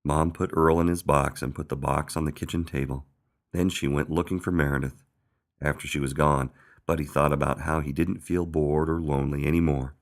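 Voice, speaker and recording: A man reading a children's picture book aloud in an expressive storytelling manner. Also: rumbling low, moderate pace. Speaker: storybook reader.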